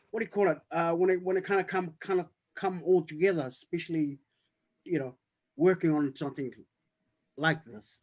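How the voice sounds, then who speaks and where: A man telling a rambling story on a video call, full of fillers and restarts. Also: a little high. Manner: halting, many restarts and fillers. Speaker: writer-director on a cast panel.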